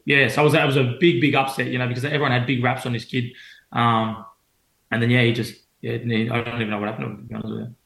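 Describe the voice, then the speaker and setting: Young man, Australian accent, rambling, quick, roomy echo. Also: mid-range voice, level tone, creaky, a bit bright. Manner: loose, rambling, lots of fillers and restarts. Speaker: professional boxer guest. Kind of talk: casual interview storytelling.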